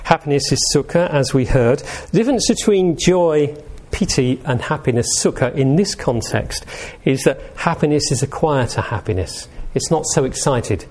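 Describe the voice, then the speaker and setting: A man giving an informal talk on meditation, gentle and conversational, often asking his listeners questions. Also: fairly high pitch, expressive, moderate pace, hardly any pauses. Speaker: meditation teacher.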